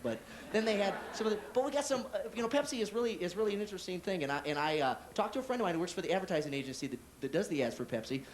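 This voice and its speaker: Male stand-up, high, lively, fast talker. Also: noisy background. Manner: rapid, animated storytelling with restarts. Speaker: stand-up comedian. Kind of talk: stand-up comedy. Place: comedy club.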